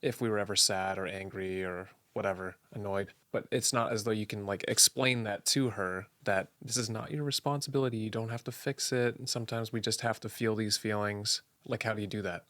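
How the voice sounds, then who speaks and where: A man in his thirties co-hosts a relaxed parenting podcast in a low voice. He talks casually, often asking skeptical follow-up questions. The sound is dry and close. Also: brisk, hardly any pauses, no echo. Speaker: podcast co-host.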